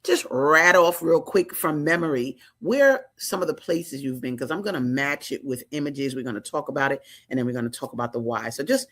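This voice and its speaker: An exuberant woman runs her interview show in a loose, slangy way. She talks in quick bursts, gets loud when excited and drops back to an easy, casual tone. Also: very deep voice. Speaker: talk show host. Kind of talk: lively interview chat.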